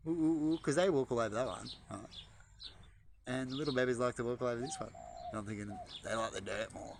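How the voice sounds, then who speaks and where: A man chatting casually outdoors by a bird-feeding spot, rambling and breaking into high, excited baby talk to the birds. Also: fast, creaky, a little hiss or hum. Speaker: vlogger. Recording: outdoor audio with birdsong behind. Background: birds chirping.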